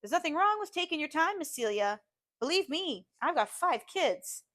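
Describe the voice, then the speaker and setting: A woman's voice: high voice, big pitch swings, normal speed, a bit bright, voice pushed up. A woman voicing a blunt middle-aged Southern housemaid, firm and plainspoken. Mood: firm reassurance.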